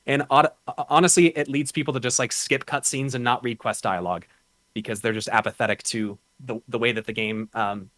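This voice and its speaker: A man's voice: mid-range voice, steady tone, brisk, fairly bright tone, no echo. A man chatting casually as a podcast guest and game streamer, rambling and swearing freely. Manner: rambling, loose and profane, with many restarts.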